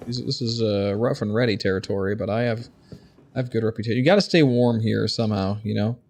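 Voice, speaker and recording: A man streams a video game with a fairly low, slightly mellow voice, talking fast. He comments casually, jokes, swears and chats with his audience.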